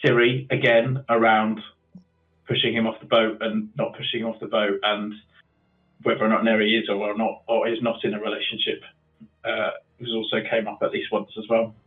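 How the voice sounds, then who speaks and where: A man's voice: fairly low pitch, level tone, normal speed. A man, a tabletop game player recapping the last session in a hesitant way, full of ums and restarts. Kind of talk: casual chat over a voice call. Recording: tinny phone-like call audio.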